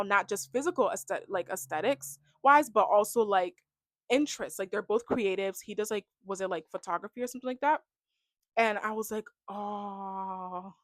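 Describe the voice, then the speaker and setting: A young woman ranting casually about a reality show, full of "like" and animated reactions. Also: medium pitch, no room sound. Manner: chatty, heavy on "like", animated reactions. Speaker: reality TV recap vlogger. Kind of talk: casual rant to camera.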